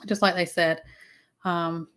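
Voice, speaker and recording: A woman's voice: lowish voice, fairly even intonation, slow, fairly bright tone, clear, resonant tone. A woman with a Southern US accent, hosting a casual livestream chat, rambling with fillers and restarts. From Southern United States. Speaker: livestream host.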